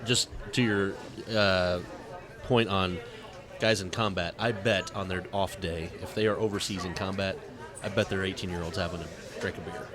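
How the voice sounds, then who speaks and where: Deep-voiced matter-of-fact man, crowd noise. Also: fairly even intonation, normal speed. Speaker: podcast panelist. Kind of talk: casual panel chat. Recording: loud crowd noise behind.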